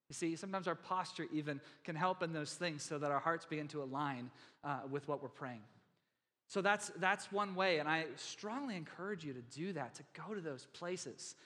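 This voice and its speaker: Bright-voiced pastor in an echoing church. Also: male voice, on the high side. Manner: conversational, with many fillers and restarts. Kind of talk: sermon. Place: church sanctuary. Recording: long hall reverb in a church.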